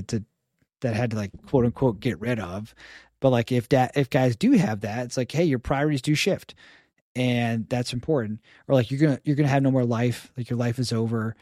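A man chatting as a podcast guest, telling stories in a lively way and acting out the people he quotes. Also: medium pitch, dry recording, clean studio sound. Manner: animated storyteller who acts out quoted people. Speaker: podcast guest, stay-at-home father. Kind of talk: casual podcast conversation.

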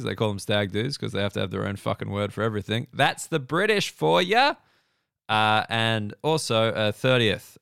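Profane Australian comedian with gravelly voice. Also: male voice, medium pitch, a bit bright, dry recording, studio quality. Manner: rambling, profane, self-deprecating. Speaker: comedian and podcast host. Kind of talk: casual comedic monologue.

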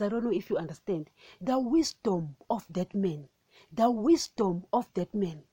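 An animated woman preaching informally on a podcast, her voice sitting at an ordinary middle pitch. She keeps calling her listeners "guys" and laughs now and then, and the recording is dry and close with no room sound. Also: breathy edge, no room sound. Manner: animated, repeats "guys" constantly, laughs often. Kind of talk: informal spoken sermon.

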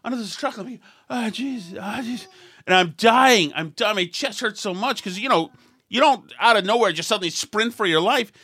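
Middle-aged guy rambling through a story, bright voice, lots of ups and downs, laughs at himself. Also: high-pitched, animated, fairly quick, no echo. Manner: rambling, self-mocking, restarts and acts out shouting voices. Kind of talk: casual anecdote.

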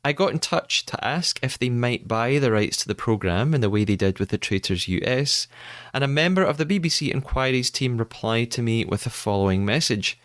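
A man hosting a podcast, presenting a scripted segment in an upbeat, animated way. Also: medium pitch, brisk, no room sound, clean studio sound. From United Kingdom. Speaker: podcast host.

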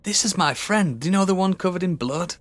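A man's voice: high voice, lively intonation, fairly quick, a bit bright. A man playing a tabletop game, chatting and joking with the others. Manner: joking banter. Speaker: player. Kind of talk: casual chat.

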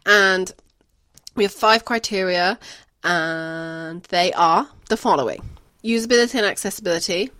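A woman's voice: on the low side, moderate pace, bright, forceful tone. Chatty woman podcast co-host. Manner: chatty, laughs often, trails off with fillers. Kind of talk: casual chat.

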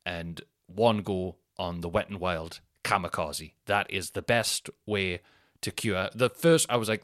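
A man in his thirties tells a comic story, rambling and poking fun at himself. His voice sits fairly low. The sound is close and dry, with no room around it. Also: no echo. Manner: rambling, self-mocking, chatty. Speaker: podcast host.

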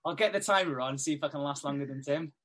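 A man's voice: a little high, fast, fairly bright tone. A man co-hosting a casual podcast, laughing often as he recaps a TV show. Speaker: podcast co-host. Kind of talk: casual chat.

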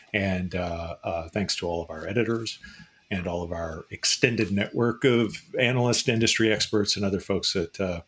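Husky low-voiced man, dry joker. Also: fairly bright tone. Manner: dry, joking, self-interrupting. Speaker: podcast co-host. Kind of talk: casual panel chat.

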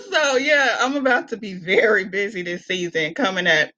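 A woman, a guest in a casual podcast chat, telling stories with lively energy and frequent laughter. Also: medium pitch, a little slow, dry recording. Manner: animated storyteller, laughs often. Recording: dull lo-fi sound.

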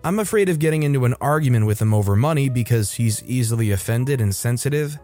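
A man's voice: mid-range voice, lively intonation, fast, dark tone, soft background music. Man narrating online forum stories. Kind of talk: scripted story narration.

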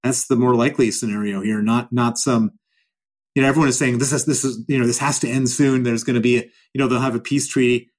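A man's voice: mid-range voice, fairly even intonation, fast. A middle-aged man answering interview questions in a blunt, emphatic way, repeating phrases for stress. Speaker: guest.

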